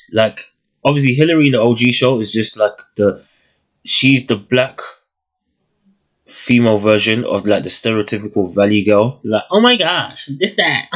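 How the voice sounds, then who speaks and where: A young man giving a casual, thoughtful review of a TV series, often pausing and restarting his sentences. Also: mid-range voice, fairly bright tone. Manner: thoughtful, hesitant, many restarts and fillers.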